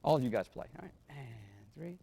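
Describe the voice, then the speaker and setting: A man's voice: a little high, lively intonation, fairly quick, vocal fry. A man coaching a wind band in rehearsal in a concert hall, giving encouraging instructions and singing phrases in scat syllables to show how they should go. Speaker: band clinician.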